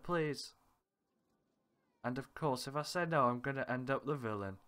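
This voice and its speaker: A man's voice: mid-range voice, a bit bright. A man reading aloud every character's lines of a visual novel, switching between characters with small laughs and asides. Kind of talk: reading game dialogue aloud with light character voices.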